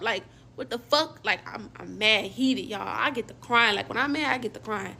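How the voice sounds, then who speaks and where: A woman's voice: on the high side, moderate pace, creaky, a little hiss or hum. Young woman telling a slangy storytime. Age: young adult. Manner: slangy, animated retelling with quoted dialogue. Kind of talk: casual storytime vlog.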